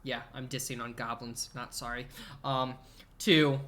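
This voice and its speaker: A man running a tabletop game as game master, narrating haltingly with many fillers. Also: a little hiss or hum. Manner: halting, hesitant narration with lively swings in pitch.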